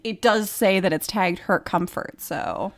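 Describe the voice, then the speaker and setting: Female podcast co-host, medium pitch, giggly and casual. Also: measured pace. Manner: giggly, laughs often while talking. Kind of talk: casual chat.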